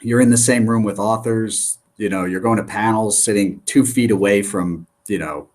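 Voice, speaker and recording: A man as a guest author on a casual podcast, easygoing and low-key, often restarting his sentences. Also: normal speed, darkish tone.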